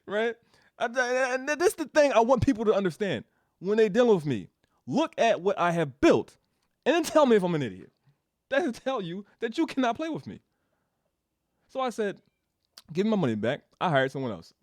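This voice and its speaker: A man in the middle of a casual developer update, ranting through a story with lots of laughter and swearing. His pitch jumps around a lot as he talks. The sound is dry and close, with no room echo. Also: normal speed, long pauses. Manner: animated, laughs often, swears, repeats himself. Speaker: game studio developer giving an update.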